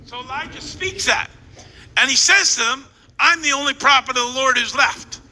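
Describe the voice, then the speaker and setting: A man's voice: very high-pitched, normal speed, pushed and bright. A man preaching as a pastor, playfully retelling a scripture story while directing volunteers and joking with the crowd, through a stage mic in a church hall. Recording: long echo in a large hall with faint noise.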